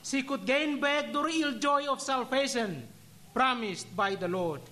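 Slow, solemn high-voiced man preaching. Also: sharp tone. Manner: solemn, deliberate, measured delivery. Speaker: religious brother giving a reflection. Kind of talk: sermon with a personal story and a closing prayer.

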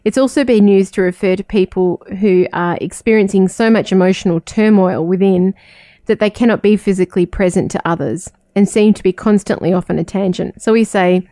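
A religious sister giving a reflective spiritual talk, moving between questions to the listener and personal stories. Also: female voice, mid-range voice, a little fast, dark tone, dry recording, studio quality. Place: living in the United States, not from there.

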